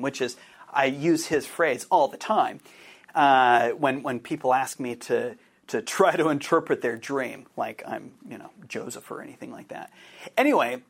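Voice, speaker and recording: A man hosting a podcast, telling a personal story in a halting way with many fillers and restarts. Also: medium pitch, slightly rough. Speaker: podcast host.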